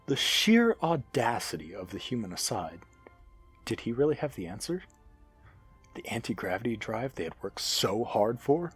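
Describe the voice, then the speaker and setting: A man narrates a science fiction story in an expressive, animated reading. His low, husky voice ranges widely in pitch, with soft music playing underneath. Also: normal speed.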